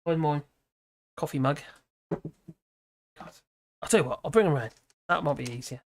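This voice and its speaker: Speaking low and unhurried, with a little hiss or hum in the audio, this middle-aged woman from Britain hosts a casual livestream about politics. She rambles, laughs often and reads comments from viewers in a home room shared with her dogs.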